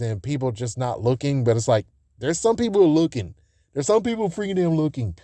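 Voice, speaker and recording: Rambling man with a mellow, dry voice. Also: no echo. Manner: rambling, self-correcting, swears casually; gets loud and high when ranting. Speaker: fan channel host. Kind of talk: casual unscripted fan vlog.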